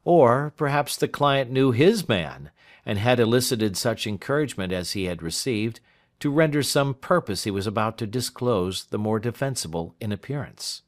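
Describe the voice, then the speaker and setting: A man narrating a classic story for English learners in a slow, clear, expressive reading. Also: mid-range voice.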